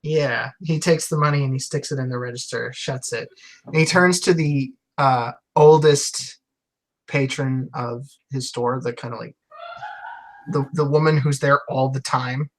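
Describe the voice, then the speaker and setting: A man playing in a tabletop game, describing his actions in a hesitant, halting way. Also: mid-range voice, steady tone. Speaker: player.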